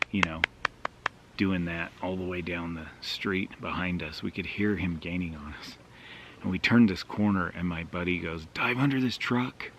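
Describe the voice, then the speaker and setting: A deep-voiced man with a gravelly edge casually spins a rambling anecdote to his camera, full of fillers and self-deprecating asides. He talks outdoors at a campsite with faint ambient sound around him. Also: fairly bright tone, slight background noise. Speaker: outdoor vlogger.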